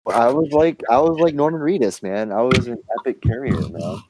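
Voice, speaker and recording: A man's voice: mid-range voice, normal speed, noisy background. Rambling young man telling a story. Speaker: podcast co-host telling a story. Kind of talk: casual profane chat.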